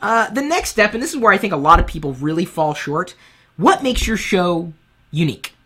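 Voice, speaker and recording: A man with a high-pitched voice hosting a live-streamed web show from his studio set, talking candidly and from the heart into a boom mic on top of the camera. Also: fairly quick, husky. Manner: animated, candid, speaks from the heart. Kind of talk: live-streamed advice talk. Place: home studio set with lights.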